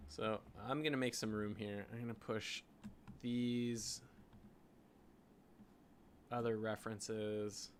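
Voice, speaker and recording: A man's voice: lowish voice, a little hiss or hum. A man with a Canadian accent, a graphic designer rambling casually as he talks through his design work, full of "like" and "you know". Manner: thinking aloud, rambling with frequent "like" and "you know". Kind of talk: casual screen-share design vlog.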